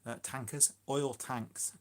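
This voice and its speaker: A man's voice: mid-range voice, steady tone, slow. Rambling chatty man. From Shropshire, England. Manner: rambling, chatty, self-deprecating, full of fillers. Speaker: allotment gardener and live streamer. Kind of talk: casual live-stream chat. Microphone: phone.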